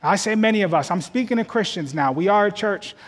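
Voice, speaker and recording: A man's voice: sits high, expressive, quick pace, in a large hall. A man preaching a sermon as pastor of a church, repeating words as he builds toward emphatic peaks.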